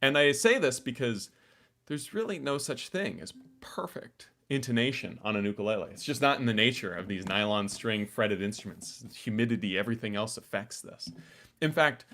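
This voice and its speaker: A man's voice: medium pitch, expressive, moderate pace, fairly bright tone. A man teaching a live online ukulele lesson, explaining in a casual, chatty way full of asides while demonstrating on his instrument.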